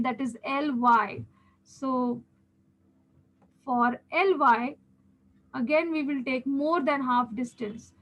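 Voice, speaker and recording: A woman's voice: high voice, fairly bright tone, low-quality recording. A woman with an Indian English accent, teaching a geometry lesson step by step, patiently repeating key steps and checking in with her students. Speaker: maths teacher.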